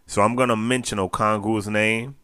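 Male recap host, casual and chatty, low-ish smooth voice, dry close sound. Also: fairly even intonation, moderate pace, bright, forceful tone, no echo. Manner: chatty, repeats phrases, chuckles often. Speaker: basketball fan show host. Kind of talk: casual post-game recap.

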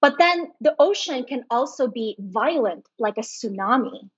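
A woman guest on a podcast, calmly explaining concepts and checking in with "right?" as she goes. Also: fairly high pitch, a little slow, breathy edge, no echo. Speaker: guest astrology reader. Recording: dull lo-fi sound.

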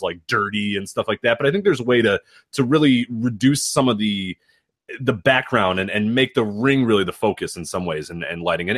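A man's voice: medium pitch, breathy edge, no room sound, studio quality. A man co-hosting a podcast in casual chat, rambling with restarts and the odd curse. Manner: rambling, lots of restarts and swearing, animated. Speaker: podcast co-host.

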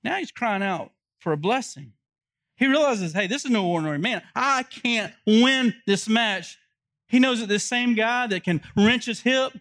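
A pastor preaching a sermon, emphatic, building to urgent repeated questions. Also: male voice, high-pitched, dry recording.

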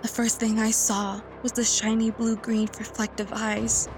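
A woman's voice: fairly high pitch, level tone, unhurried, music in the background. A woman narrating a first-person horror story in a tense, earnest manner.

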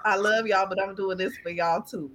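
A woman's voice: mid-range voice, normal speed. Woman telling her testimony, laughing and tearful. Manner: animated storytelling, laughing and tearful. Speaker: podcast guest. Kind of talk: testimony in casual chat.

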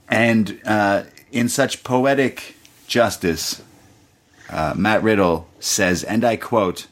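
Chatting casually on his podcast, a young man goes back over a wrestling show, imitating the voices he quotes and laughing frequently. He speaks slowly, with a medium pitch and a fairly bright tone.

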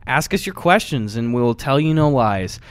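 A man's voice: medium pitch, big pitch swings, normal speed, clean tone. A young man co-hosting a casual podcast, cracking crude jokes and giggling often. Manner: jokey, crude quips, giggly. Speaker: podcast co-host.

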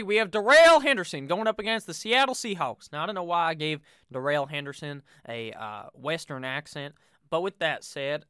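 A young man runs through his fantasy football rankings in a loose, joking way, swearing and drifting into asides. His voice is bright and forceful with a smooth, crisp finish. The recording is dry and close. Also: mid-range voice, no room sound. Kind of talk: casual ranking commentary.

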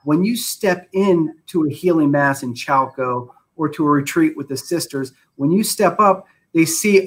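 Guy interviewing a priest, thoughtful, stumbles a bit, slightly high voice. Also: normal speed, husky, poor audio. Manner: reflective, with repeated false starts. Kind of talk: interview conversation.

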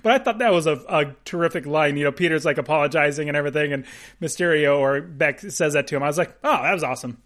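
A man with a slightly higher-than-usual voice talks casually as a podcast co-host. He rambles, restarts his sentences and laughs easily. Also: fast talker, a bit bright. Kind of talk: casual chat.

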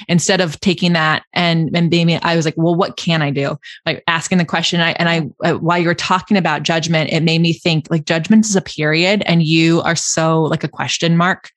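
Low-voiced woman host, dry sound. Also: steady tone, a little fast, hardly any pauses, dry recording. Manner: reflective, with many restarts. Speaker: podcast host. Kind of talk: casual conversation.

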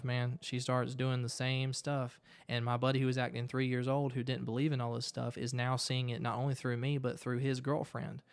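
A man, a guest on a conversational show, telling a personal story in a lively way and often repeating words as he goes. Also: mid-range voice.

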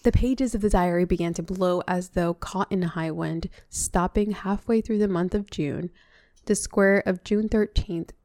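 A woman's voice: fairly low pitch, normal speed, warm tone, dry recording, clean studio sound. A woman reading a novel aloud, breaking off now and then for chatty comments. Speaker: reader.

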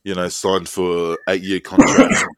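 A man, co-hosting a podcast and telling stories in a jokey, animated way. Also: low voice, measured pace, clean tone, no room sound. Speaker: podcast co-host. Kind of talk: casual chat.

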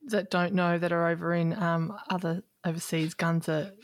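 A woman hosting an interview, chatty and jumping in with quick questions. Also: fairly low pitch, flat delivery, dry recording, studio quality. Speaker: podcast host. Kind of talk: conversational interview.

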